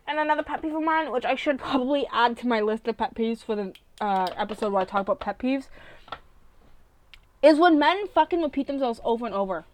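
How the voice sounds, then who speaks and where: A young woman hosting a casual solo podcast, talking bluntly and profanely in a rambling rant that jumps between loud outbursts and low mutters. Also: animated, fairly quick, dry recording. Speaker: podcast host.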